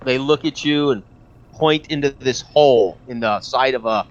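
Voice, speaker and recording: Male GM, average pitch, fumbling improvised narration, muffled lo-fi audio. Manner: halting, many restarts and fillers. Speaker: game master. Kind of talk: narrating a tabletop game.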